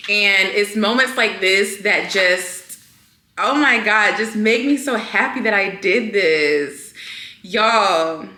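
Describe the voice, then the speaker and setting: A young woman vlogging, chatting casually to the camera in an animated way, full of fillers. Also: mid-range voice, slow. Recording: echoey room.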